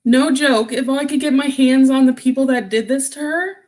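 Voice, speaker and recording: A woman's voice: sits high, moderate pace, a little mellow. A woman chatting casually on a livestream, reading out and answering viewer comments, getting emotional and close to tears. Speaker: vlogger.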